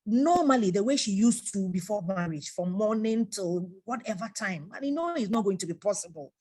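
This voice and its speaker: A woman's voice: mid-range voice, animated, normal speed, a little mellow. A middle-aged woman speaks as a guest at a religious gathering. She tells an everyday story as advice and keeps repeating phrases for emphasis. Her voice sits in an ordinary middle range for a woman. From Ghana.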